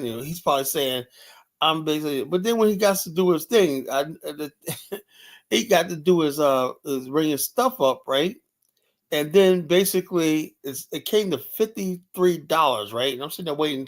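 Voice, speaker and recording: A man hosting a livestream, talking in a grumpy, profane, rambling way. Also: a little high. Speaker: livestream host. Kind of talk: casual ranting livestream talk.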